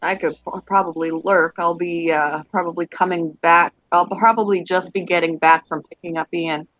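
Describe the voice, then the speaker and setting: A woman's voice: lowish voice, fairly even intonation, normal speed, fairly bright tone, dry recording. Chatty Canadian woman on lo-fi voice chat. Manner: rambling, chatty, laughs easily. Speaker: voice chat participant. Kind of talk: casual chat.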